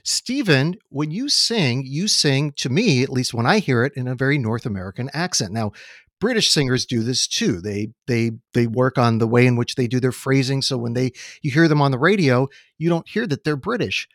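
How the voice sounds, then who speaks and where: A man's voice: mid-range voice, lively intonation, normal speed, no echo, clean studio sound. A man hosting an interview podcast, asking questions in a chatty, conversational way. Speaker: podcast host.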